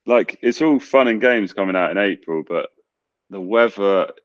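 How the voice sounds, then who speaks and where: Guest DJ, man, deep voice, easygoing rambling talk, muffled dry video-call sound. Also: normal speed, no echo. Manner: relaxed, rambling, full of fillers and "man". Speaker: DJ and producer, guest. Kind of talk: casual video-call interview.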